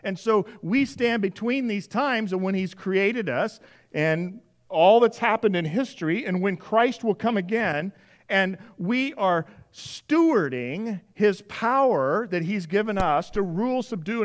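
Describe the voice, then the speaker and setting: A pastor preaching a sermon in a church, talking to the congregation in a conversational way, repeating key phrases and acting out little scenes. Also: male voice, high voice. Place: church sanctuary.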